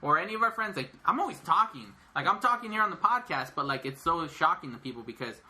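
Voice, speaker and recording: Young man, podcast co-host, casual chat, rambling, very bright tone, lively swings in pitch. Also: fast. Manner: rambling, filler-heavy, laughs often.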